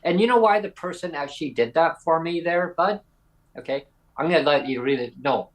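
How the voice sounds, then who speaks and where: A man co-hosting a podcast addresses a critic head-on, combatively calling him "bud" during the discussion. He talks a little fast at a fairly high pitch, and the recording is rough.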